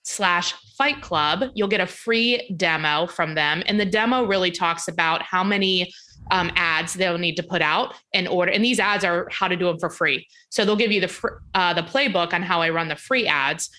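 A woman's voice: fairly low pitch, moderate pace, sharp tone. A woman co-hosting a podcast, chatting casually and reading sponsor spots in a matter-of-fact way. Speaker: podcast co-host, realtor.

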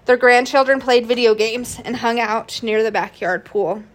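A woman with a slightly high voice, speaking at a normal speed, hosts a podcast and casually narrates a true crime case from her notes, using fillers and restarting sentences.

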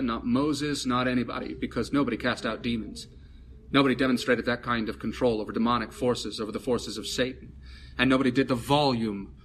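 Forceful bright-voiced male preacher. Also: mid-range voice, a little hiss or hum. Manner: emphatic preaching with rhetorical questions and repetition. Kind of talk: sermon.

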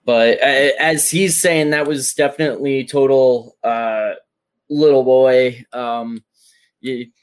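Halting, easygoing podcast co-host man. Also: medium pitch, fairly even intonation, smooth. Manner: hesitant, halting, many fillers. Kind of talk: casual chat.

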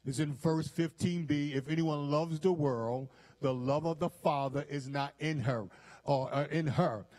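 Man, preacher, sermon, high-pitched voice, slow deliberate delivery, emphatic, repeats points, checks in with the congregation. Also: darkish tone. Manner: emphatic, repeats lines and asks the congregation to stay with him. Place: church.

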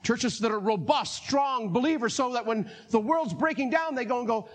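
A man with a North Carolina accent preaching a sermon as pastor, animated, laughing often and acting out voices. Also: very high voice, moderate pace, few pauses.

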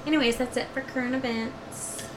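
A woman co-hosting a podcast in casual chat, wry and quick to tease. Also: sits high, fairly even intonation, noisy background. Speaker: podcast co-host.

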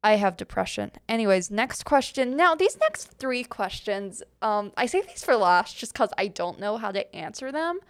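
Young woman host, casual solo Q&A, chatty and rambling, smooth voice, dry room. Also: mid-range voice, very animated, normal speed, hardly any pauses, no room sound. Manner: rambling, giggly, lots of fillers. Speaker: podcast host.

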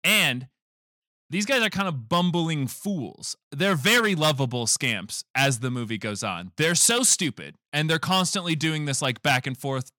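A man hosting a casual podcast, retelling a film scene by scene and acting out the characters' lines in quick bits. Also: fairly high pitch, dry recording, clean studio sound. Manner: animated storytelling, acts out lines of movie characters. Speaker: podcast host recapping a film. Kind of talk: casual chat.

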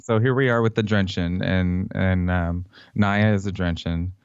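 A man's voice: low voice, steady tone, measured pace, clean tone, no echo, highs cut off. A man co-hosting a casual fan podcast, chatty and reading out descriptions. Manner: chatty, reads out descriptions, laughs easily. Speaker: podcast co-host.

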